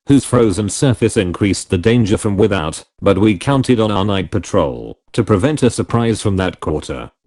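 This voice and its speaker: Low-voiced, expressive male narrator. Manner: expressive first-person storytelling. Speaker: audiobook narrator. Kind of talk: scripted narration.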